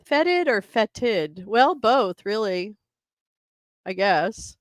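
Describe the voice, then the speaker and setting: A woman's voice: medium pitch, sing-song, takes it slowly, dry recording. A woman hosting a casual livestream from home, chatting with viewers and laughing often. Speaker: livestream host.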